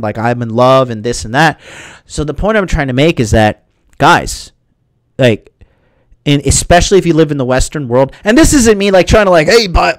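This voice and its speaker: A man's voice: mid-range voice, no room sound. A young man in his twenties ranting casually to his viewers, rambling with many restarts and swearing often. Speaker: vlogger. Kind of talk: casual profane rant to viewers.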